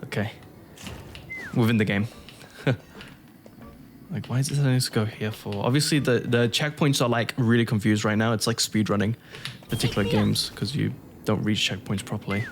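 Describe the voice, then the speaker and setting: A man's voice: on the low side, steady tone, normal speed, a little hiss or hum. A man giving casual commentary on his own gameplay, thinking aloud and chuckling to himself. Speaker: gaming YouTuber.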